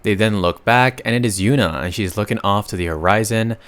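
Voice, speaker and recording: A man narrating a comic recap in a casual, chatty way, with sudden loud bursts and slangy asides. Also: on the low side, fairly quick, smooth.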